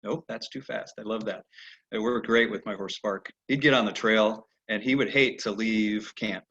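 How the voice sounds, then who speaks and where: A man teaching a horse training lesson over a video call, telling animated stories and acting out the horses' replies. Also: on the low side, moderate pace. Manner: animated storyteller who acts out horses' replies. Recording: dull lo-fi video call audio.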